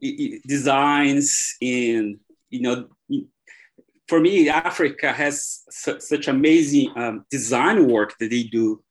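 A man's voice: medium pitch, takes it slowly. A man from Brazil with a Brazilian Portuguese accent, a guest chatting in a friendly, hesitant way and often repeating words while he searches for them, heard over a video call. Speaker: guest animator. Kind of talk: casual interview chat.

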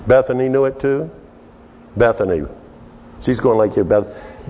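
A middle-aged man from Texas, preaching with lively storytelling and chuckles. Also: lowish voice, unhurried, lo-fi sound. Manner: animated storyteller, chuckling, acting out voices. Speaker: pastor. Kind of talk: storytelling sermon. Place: church sanctuary. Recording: reverberant church hall.

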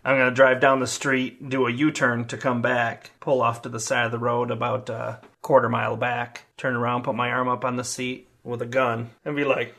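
A man playing a tabletop role-playing game, eager and quick to describe his moves. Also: medium pitch, flat delivery, creaky, fairly bright tone. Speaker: player.

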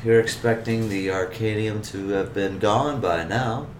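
A man's voice: on the low side, measured pace, background noise, lightly acted. A man voicing a boastful male adventurer at a tavern bar, recorded on a distant shared mic in an echoey room.

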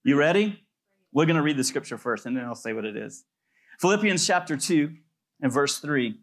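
A pastor preaching a sermon in a loose, conversational way, telling stories with plenty of fillers. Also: male voice, a little high, expressive, moderate pace. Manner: conversational storytelling with many fillers.

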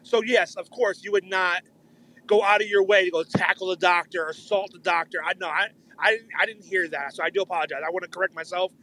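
A man with a high, bright voice takes part in a casual Christian discussion. He apologizes again and again and repeats his points. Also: steady tone, a little fast, poor audio.

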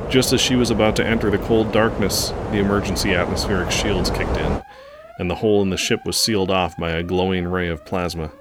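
A man reading a story aloud in an earnest, steady narrating manner. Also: sits low.

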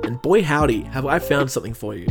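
A man's voice: medium pitch, animated, fast, music in the background. A young man hosting a comedy podcast, chatting in a self-deprecating, jokey way before narrating a true-crime story. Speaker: podcast host.

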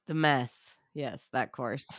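A woman's voice: very deep voice, takes it slowly, no room sound, studio quality. A woman co-hosting a casual movie podcast, talking animatedly, swearing freely and acting out characters' reactions. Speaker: podcast co-host.

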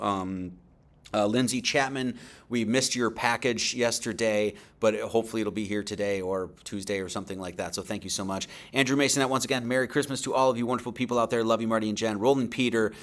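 A man's voice: mid-range voice, a bit bright. A man hosting an online religious service, giving informal closing thanks and announcements in a loose, rambling way.

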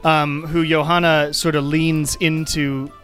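Brief: male game master, fairly high voice, halting narration, soft music behind. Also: level tone. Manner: hesitant, full of ums and restarts.

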